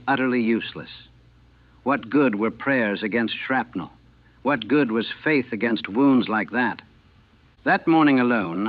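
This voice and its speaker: A man narrating his wartime memories as a chaplain in a somber, measured, grave way. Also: medium pitch, dry recording. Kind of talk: first-person war memoir narration. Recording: narrow phone-like band, dry.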